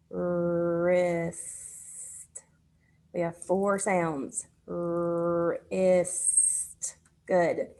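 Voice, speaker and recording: A woman teaching a phonics lesson to children, speaking patiently and pausing for their answers. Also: medium pitch, a little mellow.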